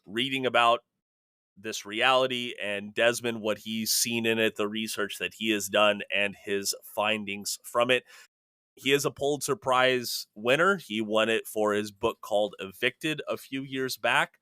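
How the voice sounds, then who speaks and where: A man hosting a casual sports podcast, upbeat and smooth as he chats and reads plugs into a close microphone. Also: lowish voice, unhurried, pushed and bright, no room sound. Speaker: podcast host.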